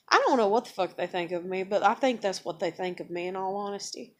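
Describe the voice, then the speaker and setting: A woman's voice: fast, hardly any pauses. A woman venting in a personal vlog, blunt and emotional, swearing often as she talks about her life. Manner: acts out others in higher excited voices. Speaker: vlogger.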